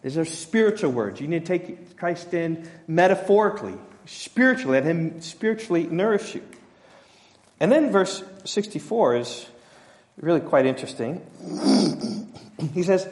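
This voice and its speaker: A middle-aged male pastor preaching an expository sermon in a relaxed, conversational way, with self-deprecating asides and acted-out quotes. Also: sits high, normal speed. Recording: long hall reverb.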